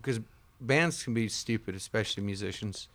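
A man with a somewhat low voice talks casually as a show guest. He rambles from point to point and animates his stories by putting on other people's voices. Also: normal speed. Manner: rambling, animated, breaks into impressions. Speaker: guest, bartender and bass player. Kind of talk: casual chat.

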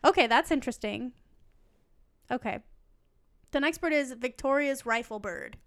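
Woman, high voice, smooth and clear, playful, giggly, casual co-host. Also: normal speed, fairly bright tone. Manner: playful, giggly, reads facts then jokes. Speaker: podcast co-host. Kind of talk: casual chat reading bird facts.

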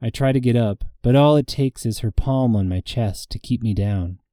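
A man narrating first-person fantasy fiction in a measured, intimate storytelling manner, giving the characters' lines in character. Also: mid-range voice, dark tone, no echo, studio quality. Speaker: audiobook narrator.

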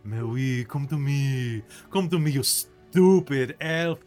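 A man's voice: medium pitch, slow pace, a little mellow, soft background music, natural voice. Man putting on French-accented taunting flame skull. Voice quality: taunting, sing-song. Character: mocking flaming skulls, spiteful guardians.

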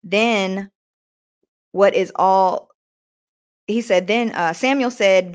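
A woman's voice: medium pitch, a little slow. A woman podcast host reading scripture aloud, stumbling and correcting herself, then retelling the scenes in casual everyday words. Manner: reads aloud with frequent restarts and self-corrections. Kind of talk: devotional reading with casual commentary.

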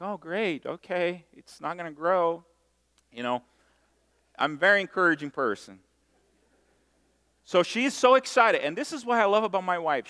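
Guy preaching in a church, kinda high smooth voice, long hall reverb trailing off. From Brazil. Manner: storytelling, self-mocking and animated. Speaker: pastor. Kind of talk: sermon.

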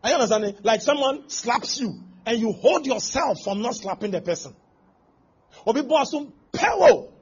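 A man's voice: extremely high pitch, expressive, normal speed, husky. A male pastor preaching a sermon, acting out scenes with exclamations and laughter. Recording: dull lo-fi sound with faint background noise.

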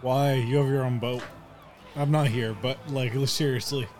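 A man's voice: medium pitch, fairly even intonation, moderate pace, a little mellow, soft background music. A man playing a tabletop game, teasing and swearing. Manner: teasing and profane. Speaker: player. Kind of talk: tabletop role-play banter.

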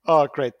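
Sex: man. Role: podcast co-host. Style: casual chat. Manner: easygoing, filler-heavy. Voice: somewhat high. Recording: dry. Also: slightly rough, no room sound, muffled recording. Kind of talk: casual gaming discussion.

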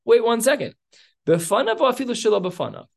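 A man playing an indignant ancient king, gravelly. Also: sits high, sing-song, fast talker, pitched above the performer's own voice, full character voice. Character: angry boastful ancient king, male, adult.

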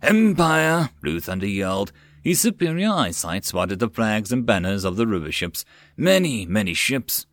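A man narrating a web novel audiobook, expressive and swinging with the action. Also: lowish voice, normal speed, no echo, clean studio sound. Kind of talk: reading a web novel aloud.

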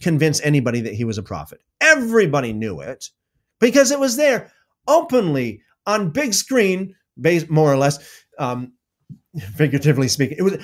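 A man giving an animated religious talk, answering viewer questions with emphatic repetition and loud exclamations. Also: fairly high pitch, moderate pace. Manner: emphatic, repeats words, swings into loud exclamations.

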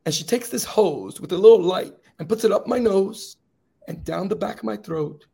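A man with a fairly high, gravelly voice tells his own story as an interview guest. He speaks earnestly, dropping quiet and grave in the hard moments and rising to rousing encouragement. A slight rasp runs through his voice. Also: normal speed. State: slightly raspy. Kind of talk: telling a personal story.

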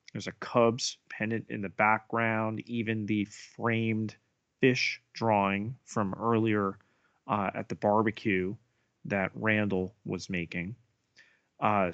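A man co-hosting a podcast, retelling a TV episode scene by scene in a measured way. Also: on the low side, fairly bright tone, no room sound, lo-fi sound. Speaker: podcast co-host. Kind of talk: episode recap narration.

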